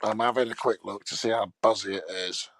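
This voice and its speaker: A man's voice: lowish voice, fairly even intonation, fairly quick, fairly bright tone, dry recording. A middle-aged man streaming live, chatting casually in a blunt, sweary, mocking way.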